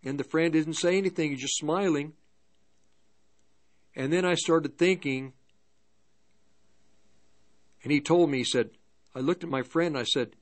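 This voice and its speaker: A man telling a spiritual deliverance story in a rambling, halting way, slipping between first and third person. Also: fairly high pitch. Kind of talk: spoken testimony storytelling.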